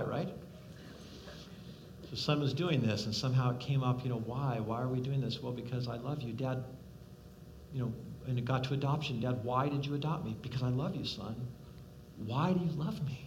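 A man preaching a sermon as a pastor, swinging from loud, pressing appeals to hushed, quiet questions and acting out the voices he quotes. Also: medium pitch, a little fast, muffled recording, background noise.

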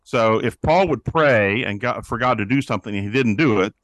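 Animated preaching man, dry close sound. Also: fairly low pitch, fairly quick, no room sound. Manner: animated preaching, acts out quoted voices. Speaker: guest, pastor-author on prayer. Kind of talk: teaching interview answer.

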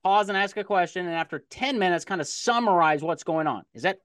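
A middle-aged man hosting a sales podcast interview in a casual, excitable way, often repeating words as he gets going. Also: high-pitched, a little fast, no room sound, clean studio sound. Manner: animated, laughs easily, repeats words when excited. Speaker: podcast host.

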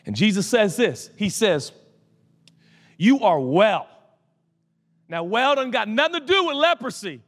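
A male pastor preaching, swinging between loud emphatic passages and quiet, intimate asides. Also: high-pitched, very animated, normal speed, pauses often. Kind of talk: sermon. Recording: hall reverb.

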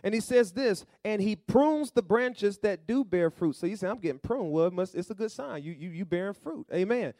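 A male pastor preaching a sermon, calling to the congregation and rising to loud emphatic bursts. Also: high-pitched, lively intonation, moderate pace, dry recording, studio quality.

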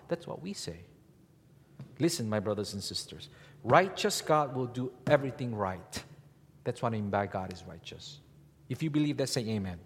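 A man preaching a sermon as pastor, speaking in an animated way and asking the congregation rhetorical questions. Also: mid-range voice, normal speed, husky. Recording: long hall reverb.

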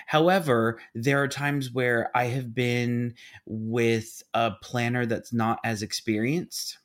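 A man in his thirties, animated and emphatic, casually telling a story on a podcast. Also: medium pitch, takes it slowly.

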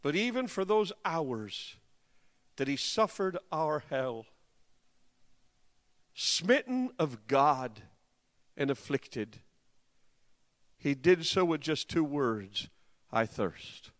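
A man preaching a dramatic sermon, swinging from hushed passages to impassioned cries. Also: a little high, sing-song, takes it slowly, pauses often, long reverb tail.

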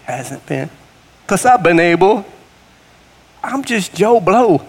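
A man's voice: high voice, lively intonation, takes it slowly, breathy edge. Folksy preacher man in a reverberant church. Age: middle-aged. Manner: folksy, conversational preaching with sudden rises. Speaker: guest preacher. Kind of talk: sermon. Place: church sanctuary. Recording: long hall reverb.

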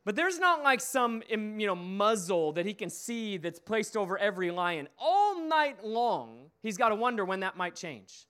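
Guy preaching, high pitched, crisp clear voice, hammers repeated lines. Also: big pitch swings, moderate pace, few pauses, fairly bright tone. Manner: emphatic storytelling with repeated phrases. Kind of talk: sermon.

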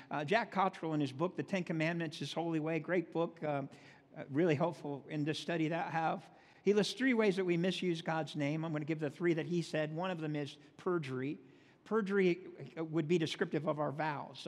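A man preaching a sermon as pastor. He reads scripture slowly and then talks in a plain, folksy way between the verses. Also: on the high side. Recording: long reverb of a large hall.

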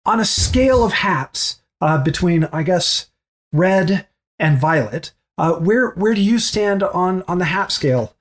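A man's voice: high-pitched, lively intonation, unhurried. A man co-hosting a comedic movie podcast, playfully quizzing and teasing the others. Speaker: podcast co-host.

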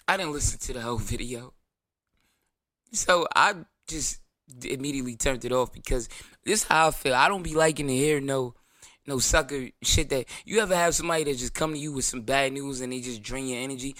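In a ranting monologue on his own show, a New York man mocks critics in whiny voices while sounding brash, profane, and defiant. He has a mid-range voice with a sharp tone, speaks fairly quickly, and the studio recording is clean and dry.

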